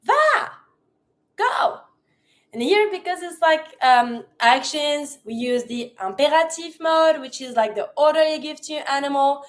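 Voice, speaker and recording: A woman's voice: sits high, moderate pace, hardly any pauses. A woman who is a native French speaker teaching a French lesson. She drills pronunciation carefully and switches between English and French. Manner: energetic when demonstrating commands. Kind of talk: language lesson.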